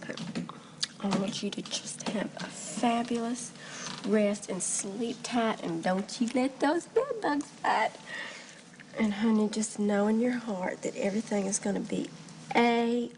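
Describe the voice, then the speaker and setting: An actress playing a bubbly, devoted young wife in a television comedy, gushing chirpy reassurance. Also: female voice, a little high, a little slow, noisy background.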